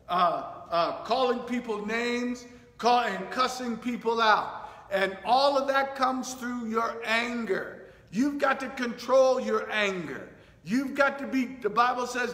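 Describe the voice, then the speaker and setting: A man's voice: extremely high pitch, fairly bright tone. A man preaching a sermon as pastor, teaching verse by verse with frequent fillers and asides of "thank you, Lord.". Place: church sanctuary. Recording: echoey church hall.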